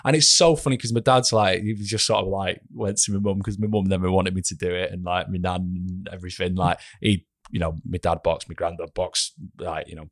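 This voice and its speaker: A man's voice: deep voice, steady tone, brisk, hardly any pauses, no echo, clean studio sound. A young man, an actor chatting as a guest in a casual interview, rambling with many restarts and fillers.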